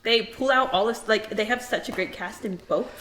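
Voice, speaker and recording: A woman's voice: a little high, moderate pace, a bit bright. A young woman co-hosting a podcast in casual chat, giggly and echoing her co-host's lines. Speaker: podcast co-host.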